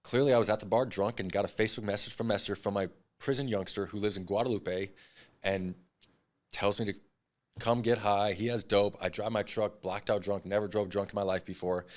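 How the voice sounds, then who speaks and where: A man in his thirties, a podcast guest, telling his story bluntly with frequent swearing. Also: fairly low pitch. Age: 30s. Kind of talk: candid storytelling interview.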